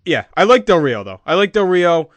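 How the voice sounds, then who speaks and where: A man playing a deadpan, know-it-all sports pundit who keeps repeating the same opinion. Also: high voice, normal speed, no echo. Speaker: podcast co-host in comedy bit. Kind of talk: comedic sports-talk parody.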